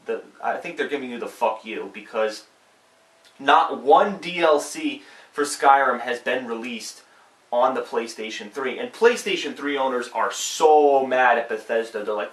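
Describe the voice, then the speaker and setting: A man's voice: medium pitch, fairly bright tone, recorded from a distance. A young man hosting a gaming channel, chatting casually and rambling with fillers, restarts and some swearing. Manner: swears freely when venting. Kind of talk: casual video update. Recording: roomy, set back from the mic.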